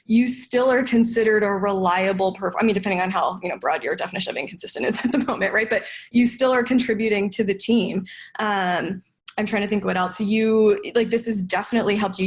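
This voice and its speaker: A young adult woman speaking as a podcast guest, explaining her ideas earnestly and thoughtfully, with frequent restarts. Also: mid-range voice. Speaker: podcast guest, sales development manager. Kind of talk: casual podcast conversation.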